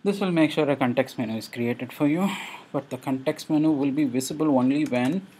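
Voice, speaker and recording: A man's voice: medium pitch, a little fast, dark tone, slight background noise. A man explaining a coding tutorial as he works, thinking aloud with frequent hesitations. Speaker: programming instructor.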